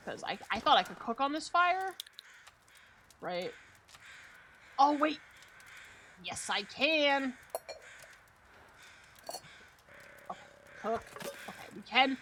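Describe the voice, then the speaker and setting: A woman's voice: medium pitch, pushed and bright, a little hiss or hum. A woman streaming a survival game, talking casually, joking and swearing freely. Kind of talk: casual gameplay commentary.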